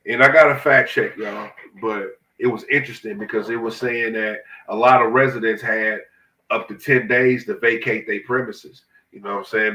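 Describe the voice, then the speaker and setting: A man's voice: fairly low pitch, sharp tone, roomy sound, distant mic, low-quality recording. A man with congested sinuses talking in a laid-back, slang-heavy way as a podcast co-host. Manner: laid-back slang-heavy banter, "you know what I'm saying". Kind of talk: casual chat.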